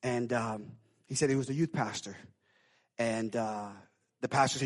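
A man preaching a sermon, acting out the people in his stories and swinging from hushed storytelling to loud, fervent calls. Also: medium pitch, fairly even intonation, moderate pace. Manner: dramatic, acts out quoted voices, swings from hushed to shouting.

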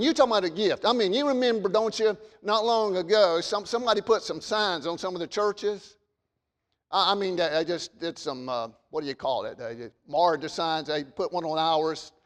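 A man preaching a sermon as pastor, repeating and restarting his phrases and reading scripture aloud slowly. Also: high-pitched, big-room sound.

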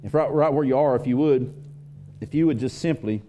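A male pastor delivers a sermon in a warm, mellow voice. He builds intensity and repeats key phrases for emphasis. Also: mid-range voice, a little fast, soft background music.

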